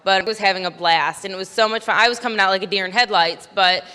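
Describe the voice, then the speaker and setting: Speaking fast in a mid-range voice that is pushed, bright, and smooth, a woman delivers a heartfelt motivational speech at a business convention. She tells stories and voices other people's quotes herself, her words echoing with the long reverb of a big venue's hall.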